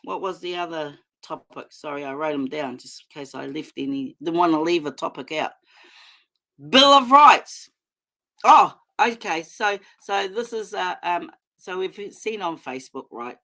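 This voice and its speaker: A middle-aged New Zealand woman hosting her own livestream, her voice sitting fairly low and her delivery unhurried. She rambles with passion, circling back through fillers and restarts as she speaks into a computer mic. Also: lively intonation, pushed and bright. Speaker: livestream host. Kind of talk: casual livestream commentary.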